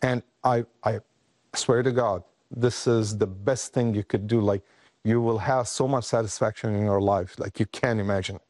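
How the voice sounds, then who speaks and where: Earnest low-voiced male interview guest. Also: steady tone, a little mellow, no echo, studio quality. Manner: earnest, halting, with many restarts. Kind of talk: emotional interview storytelling.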